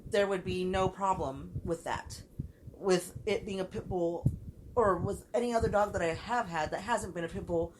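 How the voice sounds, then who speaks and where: A woman's voice: on the low side, moderate pace, noisy background. A woman co-hosting a podcast, telling a story in casual chat with heated, profane delivery. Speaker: podcast co-host.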